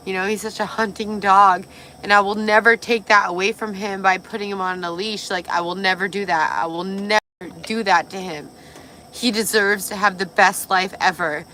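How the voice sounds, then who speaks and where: A woman hosting a casual livestream, a little tipsy and hoarse, gushing and swearing as she reads viewer comments. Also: medium pitch, fairly even intonation, moderate pace, pushed and bright, a little hiss or hum. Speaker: livestream host.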